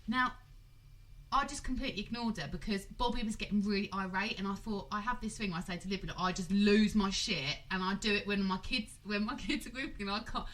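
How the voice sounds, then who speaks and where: A woman's voice: mid-range voice, fast, poor audio. A woman in her thirties co-hosting a podcast, telling stories with a lot of swearing and laughter. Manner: animated storyteller, swears freely, laughs a lot. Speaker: podcast co-host. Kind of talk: casual chat.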